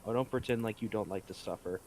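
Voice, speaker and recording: A man's voice: lowish voice, quick pace, a little mellow, slight background noise. A man chatting casually after a tabletop game stream, joking and rambling as a player and game master.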